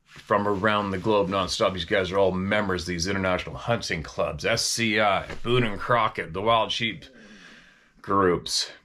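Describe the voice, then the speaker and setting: A man's voice: on the low side, fairly bright tone. A man hosting a casual talk, a former hunting guide telling stories in a rambling, questioning way. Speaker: host.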